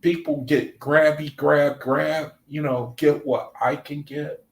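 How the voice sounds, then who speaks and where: A man's voice: fairly high pitch, flat delivery, takes it slowly. Man talking loosely in an echoey room. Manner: loose and conversational, often adds "man"; reads scripture passages aloud between remarks. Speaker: Bible study group leader. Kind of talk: casual livestream scripture talk. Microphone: desk microphone.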